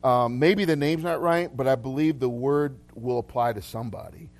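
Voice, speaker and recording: A man preaching to a live congregation in a relaxed, conversational way. He laughs easily and often restarts sentences. His pitch sits in a middle range for a man. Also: moderate pace. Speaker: pastor. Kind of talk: casual live sermon with prophetic words. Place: church hall with congregation.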